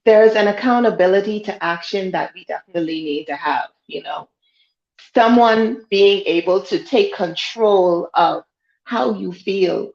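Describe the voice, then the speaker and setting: A woman co-hosting a casual podcast chat, explaining her points steadily, step by step. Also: on the low side. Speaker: podcast co-host. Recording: echoey, dull lo-fi sound.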